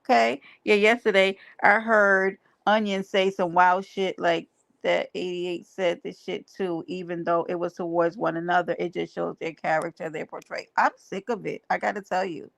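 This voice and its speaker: A woman's voice: fairly low pitch, flat delivery, moderate pace, vocal fry. A woman hosting a livestream, talking to her chat in an emphatic, preachy way and repeating her phrases. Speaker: livestream host. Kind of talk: casual livestream talk to chat.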